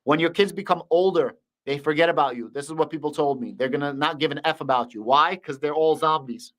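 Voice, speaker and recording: A man's voice: on the high side, brisk, fairly bright tone. A young man with a Russian accent hosting a casual livestream, talking bluntly and repeating his thank-yous. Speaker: livestream host.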